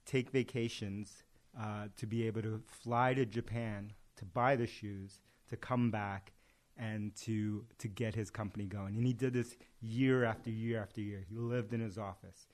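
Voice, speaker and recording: A man's voice: lowish voice, fairly even intonation, unhurried. A man in casual conversation, telling a story and acting out its dialogue. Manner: tells parables with acted-out dialogue.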